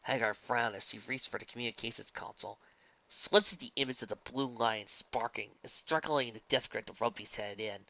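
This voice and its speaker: A man reading a fanfic story aloud as narrator, in a quick, lively manner. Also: medium pitch, creaky, dry recording. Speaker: fanfic reader. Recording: dull lo-fi recording, dry.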